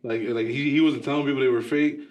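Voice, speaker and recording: A man co-hosting a podcast in a relaxed, easygoing way, often chiming in with quick replies. His voice sits at an average male pitch. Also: muffled recording. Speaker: podcast co-host. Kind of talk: casual chat.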